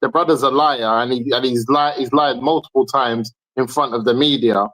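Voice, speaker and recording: A man's voice: mid-range voice, a bit bright, rough recording. A man arguing his point emphatically in a heated football debate, repeating himself for stress.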